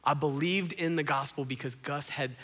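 A man preaching a sermon as pastor, telling a story with lively, animated delivery and calling the crowd "y'all". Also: fairly high pitch, normal speed. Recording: long hall reverb.

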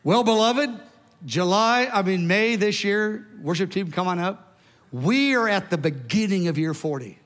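In a large church hall with long, lingering reverb, a high-voiced pastor in his seventies tells a sermon story to his congregation. His delivery is unhurried, animated in its emphasis, and sprinkled with casual asides.

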